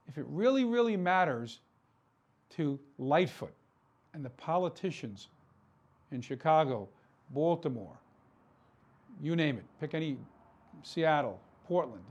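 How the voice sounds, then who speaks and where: A man's voice: on the high side, darkish tone. A man hosting a political talk show, delivering an impassioned commentary monologue full of rhetorical questions and repeated words for emphasis.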